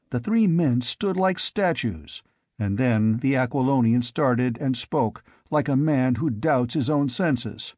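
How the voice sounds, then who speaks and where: A man narrating a fantasy audiobook in a measured, dramatic storytelling manner, recorded on a close studio mic. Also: mid-range voice, animated, a little mellow, husky, no echo. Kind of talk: scripted narration.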